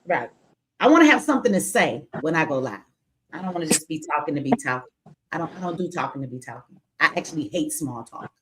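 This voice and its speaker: A woman's voice: low voice, sing-song, quick pace, a bit bright, slight background noise. A tired woman hosting a livestream, chatting bluntly and candidly, joking with guests and reading super chats aloud. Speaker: livestream host. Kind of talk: casual livestream chat.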